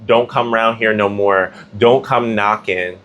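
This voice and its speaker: A man's voice: on the low side, fairly even intonation, unhurried, fairly bright tone, dull audio, slight background noise. A man giving a casual tarot reading, chatty and slangy, with plenty of filler words. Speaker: tarot reader.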